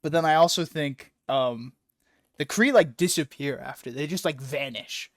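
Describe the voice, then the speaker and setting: A man hosting a casual comic book chat, animated, swearing and laughing a lot. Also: fairly high pitch, normal speed, no room sound, clean studio sound. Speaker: podcast host.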